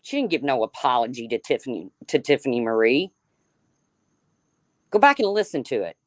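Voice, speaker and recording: A woman's voice: very deep voice, big pitch swings, normal speed, no room sound, studio quality. A woman hosting a livestream, ranting heatedly with lots of swearing and calling out chat viewers by name. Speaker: livestream host.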